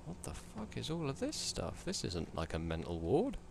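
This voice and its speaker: A man's voice: medium pitch, huge pitch swings, normal speed, vocal fry, background noise. A man giving jumpy, cursing commentary on a horror game, yelping at scares. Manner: jumpy, swears and yelps at scares. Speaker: let's play gamer.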